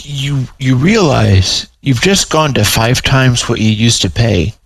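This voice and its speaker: A man's voice: mid-range voice, lively intonation, takes it slowly, creaky, heavily acted. A man voicing a proud, weary female panther-like cat who talks in a grudging, exasperated way.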